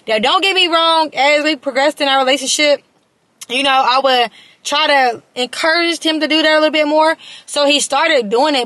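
A young woman vlogger speaks straight to her camera in a high, bright voice. She tells her story with emphasis, leaning on repeated words and talking to viewers as y'all. The sound is close and dry, with no room echo. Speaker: beauty and lifestyle vlogger. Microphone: compact camera mic.

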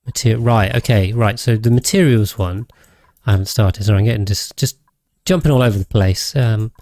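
A man's voice: lowish voice, normal speed, darkish tone, no echo. A man rambling casually as he streams a game, thinking aloud and thanking his viewers. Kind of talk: casual gameplay livestream chat.

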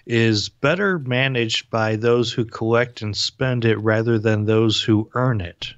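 A man's voice: medium pitch, unhurried, fairly bright tone, no echo. Wry male co-host, dull lo-fi sound. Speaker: podcast co-host. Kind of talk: casual political chat. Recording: dull lo-fi audio.

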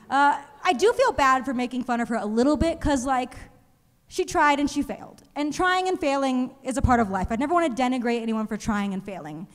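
A young woman doing a stand-up comedy set, telling animated stories and acting out other people's voices. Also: sits high. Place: comedy stage in a museum venue. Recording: live show in a reverberant hall.

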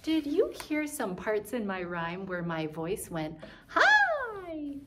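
A woman teaching a kindergarten music lesson, chanting rhymes in a sing-song way and squealing high train whistles. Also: huge pitch swings, slow, bright, forceful tone, a little hiss or hum.

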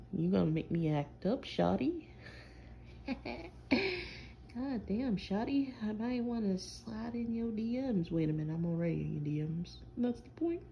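A woman playing a gravelly teasing vampire boyfriend. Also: medium pitch, lively intonation, measured pace, long pauses, highs cut off, slight background noise. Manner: teasing, playful, drawling slang. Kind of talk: listener role-play audio.

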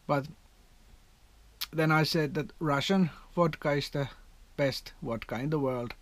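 Slow-talking Finnish man, rambling vlog. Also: a little high, dry recording. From Finland. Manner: rambling, chatty storyteller with non-native grammar. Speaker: vlogger. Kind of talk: casual vlog chat.

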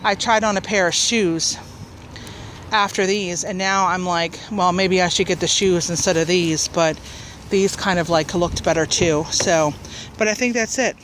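A woman's voice: fairly low pitch, steady tone, measured pace, a bit bright, slight background noise, low-quality recording. A woman rambling casually in a haul vlog, with lots of fillers and restarts, a bit out of breath, outdoors in a parking lot. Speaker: vlogger.

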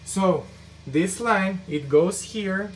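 A man's voice: high voice, a little hiss or hum. Non-native man walking through a job. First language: not English. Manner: halting, searching for words, many restarts. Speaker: air duct cleaner. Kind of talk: walkthrough narration on the job. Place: inside a house.

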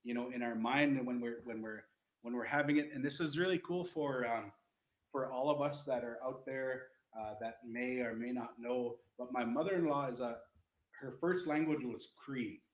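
A man's voice: mid-range voice, normal speed, reverberant, rough recording. A man, an Indigenous educator, explaining culture in an earnest, rambling teaching talk full of restarts.

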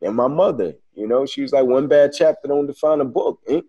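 A man's voice: mid-range voice, a little fast, slightly rough, muffled recording. A man telling his story as an interview guest, earnest and reflective, often saying "man" and "like".

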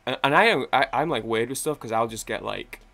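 A man's voice: medium pitch, expressive, a little fast, creaky, bright, forceful tone. A young man rambling casually while playing a video game, swearing and often cutting himself off mid-sentence. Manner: rambling, self-interrupting, swears freely. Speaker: gaming YouTuber.

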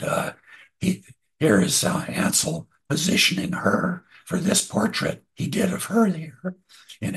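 An older man, a photographer, casually telling stories about his past work while showing slides, relaxed with frequent pauses and restarts. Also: fairly high pitch. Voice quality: husky and gravelly. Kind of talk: casual storytelling over slides.

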